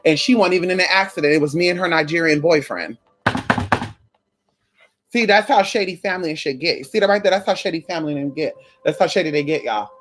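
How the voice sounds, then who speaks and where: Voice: medium pitch, quick pace, a little hiss or hum. A profane, chatty spiritual vlogger. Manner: profane, animated, talks straight to viewers; storytelling with frequent "girl", "honey", "y'all". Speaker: spiritual content creator. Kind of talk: casual chat to viewers.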